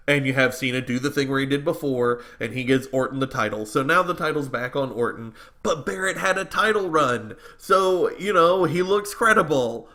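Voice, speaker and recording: Podcast dude rambling through his hot takes, bright sharp voice, mid pitch. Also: moderate pace, few pauses. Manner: opinionated, rambling with restarts. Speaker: podcast co-host. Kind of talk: casual wrestling commentary chat.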